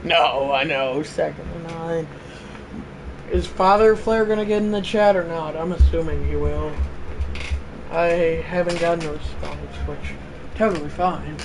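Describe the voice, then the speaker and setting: A man hosting a livestream, doing mock play-by-play of a football video game, bursting into loud excited calls between low offhand asides to his chat, in a room at home. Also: moderate pace. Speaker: livestream host. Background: faint fan hum.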